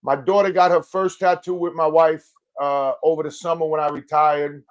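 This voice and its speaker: A middle-aged man hosting a casual chat, telling animated stories. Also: on the high side, moderate pace. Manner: storytelling, animated. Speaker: podcast host.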